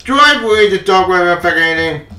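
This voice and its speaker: A man giving a furious, profane rant on a comics news vlog, often shouting. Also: high voice, animated, fast. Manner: angry, profane ranting with frequent shouting. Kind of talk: ranting opinion vlog. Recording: echoey room, voice off-mic.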